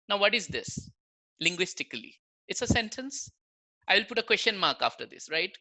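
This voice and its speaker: Lively, bright-voiced man lecturing. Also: sits high, moderate pace, poor audio. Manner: conversational, explains with examples, keeps checking in with "right?" and "you know". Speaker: guest lecturer, language researcher. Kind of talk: online public lecture.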